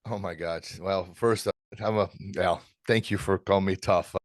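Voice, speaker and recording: A man, a martial arts instructor, speaking as a podcast guest in an emotional, halting way with many restarts. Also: sits low, fairly even intonation, no echo, studio quality. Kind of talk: casual interview chat.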